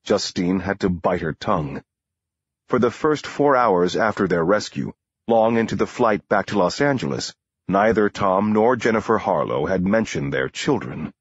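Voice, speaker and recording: Male thriller narrator, low husky voice, lively, muffled dry audio. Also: no echo. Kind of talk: first-person thriller narration.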